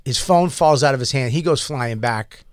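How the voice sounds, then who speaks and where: A man telling a rambling story in casual chat, animated and full of profanity. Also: mid-range voice, moderate pace, no echo, clean studio sound. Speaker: podcast storyteller.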